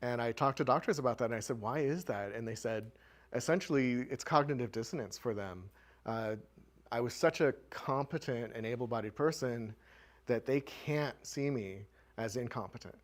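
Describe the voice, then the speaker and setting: A man's voice: medium pitch, moderate pace. A man presenting at a community show-and-tell, telling a candid personal story to a live audience in a conversational way with frequent filler words.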